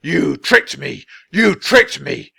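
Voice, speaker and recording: A man reading aloud and voicing an angry, grieving male ice wizard in a storybook, in a booming manner. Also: takes it slowly, creaky, pushed and bright, slightly rough, no room sound, studio quality, exaggerated voice. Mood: furious. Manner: booming, roars and cries out.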